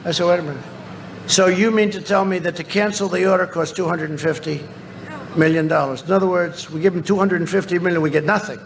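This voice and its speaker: Man, rally speech, boastful, repetitive, gravelly, high-pitched. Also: steady tone, fast talker, a little hiss or hum. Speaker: politician speaking at a rally. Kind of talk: rally speech, anecdotes told to a crowd. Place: large rally venue.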